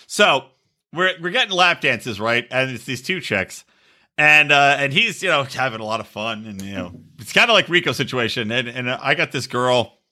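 A man's voice: medium pitch, lively intonation, normal speed, pushed and bright. A man co-hosting a podcast in casual chat, telling crude stories and acting out the people he quotes. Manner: storytelling, crude jokes, acts out quoted voices. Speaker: podcast co-host.

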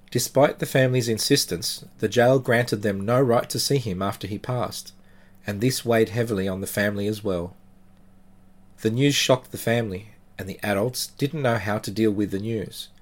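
A man hosting a podcast, narrating true creepy stories in a measured, dramatic way with slow pauses. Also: medium pitch, darkish tone. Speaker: podcast host.

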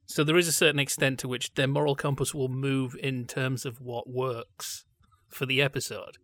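A man's voice: medium pitch, flat delivery, normal speed, fairly bright tone, no echo. A man co-hosting a podcast, talking in a thoughtful, discursive way that drifts from point to point. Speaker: podcast co-host.

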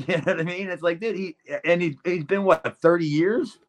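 Rambling higher-voiced podcast man. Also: moderate pace. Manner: rambling, fills with "dude" and "like". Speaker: podcast co-host. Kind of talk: casual podcast chat.

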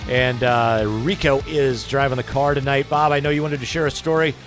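A man's voice: mid-range voice, fairly even intonation, moderate pace, music in the background. A man hosting a local radio talk show, upbeat and reading out listener texts. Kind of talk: casual radio chat. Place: radio studio.

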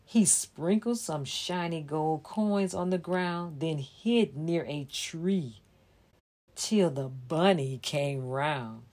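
A woman reads a children's story aloud at a very slow, deliberate pace, her voice sitting a little low. She also explains holiday symbols in a careful presenter's manner. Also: darkish tone.

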